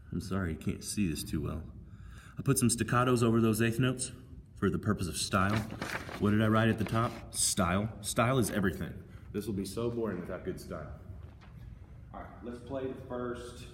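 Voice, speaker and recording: A man's voice: fairly low pitch, moderate pace, pauses often, a little hiss or hum. A man giving a casual, upbeat music lesson, explaining how to play a passage. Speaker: music teacher. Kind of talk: instrument tutorial. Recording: echoey room from far off.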